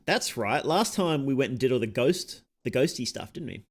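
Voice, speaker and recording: This Australian man streams a game in an expressive medium-pitched voice with a breathy edge, at a moderate pace. He chats and rambles, cutting into his own thoughts to describe what he's doing.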